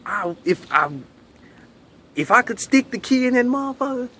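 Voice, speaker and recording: Lively, high-voiced male comedian telling a story. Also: normal speed. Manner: animated, profane storytelling.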